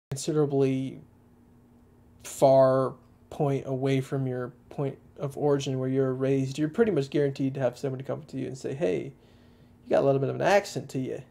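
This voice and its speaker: Young Texan man with a gravelly, warm voice. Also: medium pitch. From Texas. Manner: rambling, hesitant, many fillers and restarts. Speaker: livestream host. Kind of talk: casual livestream chat.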